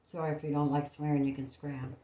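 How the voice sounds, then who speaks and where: Brisk and flat, her deep voice carrying a dark tone, a woman reads tarot casually to camera. The phone recording picks up an echoey room and slight background noise as she speaks bluntly and emphatically, swearing freely.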